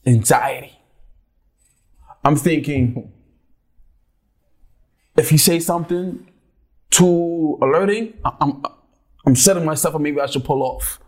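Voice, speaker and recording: A man's voice: on the high side, takes it slowly, pauses often. A young man telling a story casually, rambling and restarting often. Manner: animated, rambling, many restarts.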